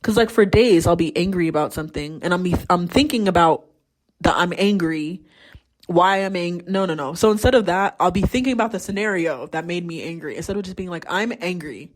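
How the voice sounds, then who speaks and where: A young adult woman talks alone into the mic in a relaxed podcast monologue. Her voice sits a little low for a woman. She speaks openly and bluntly and drops curse words without a second thought. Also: fairly quick. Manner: candid and frank, swears freely. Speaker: podcast host. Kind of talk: casual solo monologue.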